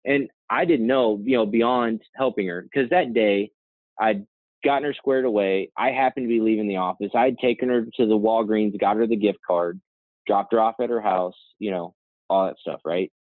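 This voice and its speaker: A man's voice: lowish voice, moderate pace, dry recording. A man who co-founded and runs a nonprofit, telling a story in a rambling, conversational way with frequent "right?" and "you know" asides. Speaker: nonprofit co-founder and CEO, guest. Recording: dry, tinny phone-like line.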